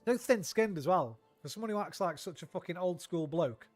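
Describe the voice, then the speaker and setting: A man's voice: sits high, animated, brisk, a little mellow, soft background music. Sweary, ranting man streaming. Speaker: game streamer. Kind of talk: casual gameplay chat.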